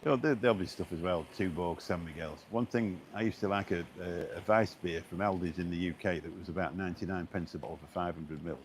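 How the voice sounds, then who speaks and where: Walking along a beach, a middle-aged man with a deep, low voice chats to his live-stream viewers at a quick clip with few pauses. He rambles, restarts sentences and fills gaps with ums. His phone picks up a faint hiss in the background.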